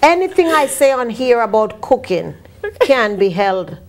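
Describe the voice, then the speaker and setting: A woman's voice: a little high, big pitch swings, a little slow. A woman with a Jamaican accent, a talk show guest, speaking in a motivational, preacherly manner. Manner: motivational, preacherly, warm-humored. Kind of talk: casual talk show conversation.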